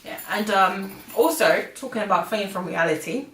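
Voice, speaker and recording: A woman's voice: mid-range voice, lively intonation, normal speed, fairly bright tone, a little hiss or hum. Hesitant woman, echoey and distant. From United Kingdom. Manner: hesitant, many fillers and restarts. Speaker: co-host. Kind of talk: casual conversation. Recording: echoey room, far from the mic.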